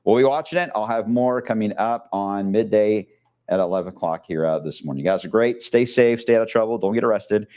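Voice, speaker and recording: A middle-aged man, a TV meteorologist talking through forecast maps in a casual, rambling way full of fillers, his voice hoarse and fading. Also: fairly low pitch, fairly quick, a little mellow. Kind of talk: live weather blog talk.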